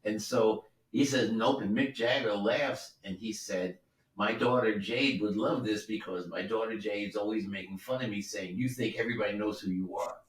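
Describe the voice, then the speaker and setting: A record producer in his seventies, here as a guest musician, tells relaxed, meandering stories and keeps wandering into asides. He speaks on the low side at a moderate pace, sounding roomy and distant from the microphone.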